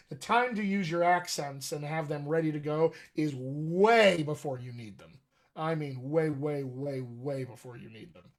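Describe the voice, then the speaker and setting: A middle-aged man coaching actors on accents in a live question-and-answer session, chatty and enthusiastic. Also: fairly high pitch. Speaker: dialect coach.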